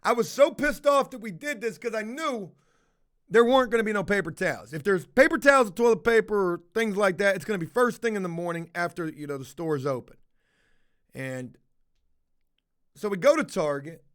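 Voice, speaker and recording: A man with a high-pitched voice chats loosely on a livestream and reacts to viewers' comments. He rambles from one gripe to the next and swears freely, with a blunt, unfiltered delivery. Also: animated, moderate pace, a bit bright. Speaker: livestream host reading chat. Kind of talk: casual livestream chat.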